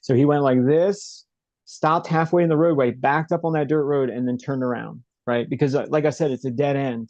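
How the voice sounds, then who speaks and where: A man's voice: medium pitch, darkish tone, dry recording, lo-fi sound. A man being interviewed from home over a video call, telling a story vividly and often checking in with "right?". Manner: vivid retelling, frequent "like" and "right?". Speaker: interview guest. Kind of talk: animated storytelling.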